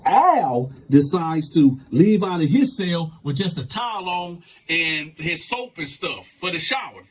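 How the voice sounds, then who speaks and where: Brief: lively male storyteller, pitch swings wide, acts out each character, faint background hiss. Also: unhurried, few pauses, low-quality recording. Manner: animated, acts out every voice. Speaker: storyteller host. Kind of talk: casual storytelling to viewers.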